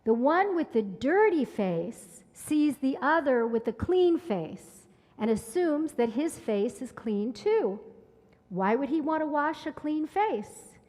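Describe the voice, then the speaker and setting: A woman voicing a patient, wise older male rabbi who questions calmly. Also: high voice, slow pace, in a large hall, pitched above the performer's own voice, heavily acted.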